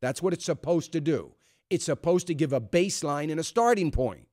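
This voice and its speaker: A man's voice: fairly high pitch, lively intonation, fairly quick, darkish tone, no echo, studio quality. A man hosting a talk radio show, giving emphatic, conversational commentary full of fillers and restarts. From United States. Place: radio studio.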